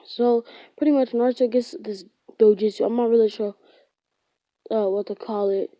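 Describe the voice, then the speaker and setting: A woman's voice: a little high, fairly even intonation, moderate pace, mellow, no echo. A woman casually retelling a fan-fiction story, rambling, with lots of filler words and frequent self-corrections. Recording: dull lo-fi.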